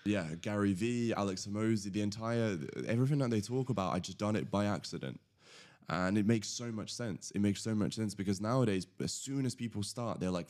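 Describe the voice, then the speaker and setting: A British man in his thirties, a podcast guest telling his origin story in a rambling, self-correcting, animated way. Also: lowish voice, a little fast. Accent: British English. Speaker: podcast guest, agency founder. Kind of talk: casual storytelling interview.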